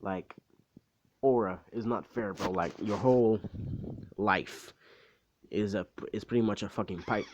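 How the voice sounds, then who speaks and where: A man's voice: on the low side, measured pace, pauses often, slight background noise, close to an everyday voice. A man quoting a sassy, blunt teenage girl in his own casual voice, with plenty of swearing.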